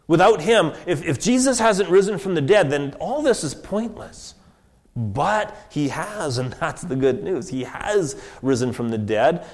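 A man's voice: a little high, darkish tone. A man preaching a sermon in a conversational way, restarting phrases and checking in with "right?". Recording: long echoing reverb.

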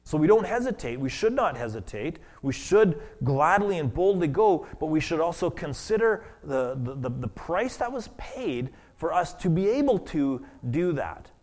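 A man preaching a sermon as pastor, earnest and halting, often restarting his words. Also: on the high side, sing-song, a little mellow.

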